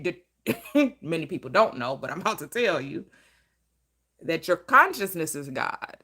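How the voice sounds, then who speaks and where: A woman's voice: medium pitch, big pitch swings, normal speed, fairly bright tone, breathy edge. A woman giving a preacher-style motivational talk about manifesting, emphatic and full of repetition. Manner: emphatic, preacherly, swings into acted quotes and repetition. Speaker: manifestation teacher.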